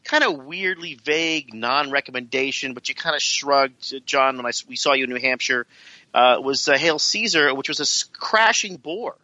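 A man's voice: mid-range voice, animated, normal speed, sharp tone, no echo. A man co-hosting a casual podcast chat, teasing and joking with the others. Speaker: podcast co-host. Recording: dry, dull lo-fi sound.

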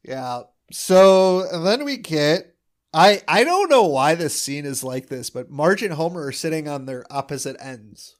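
A man's voice: on the high side, measured pace. A man co-hosting a podcast in casual chat, acting out quoted lines as he recaps a cartoon episode. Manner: animated, acts out quoted lines. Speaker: podcast co-host.

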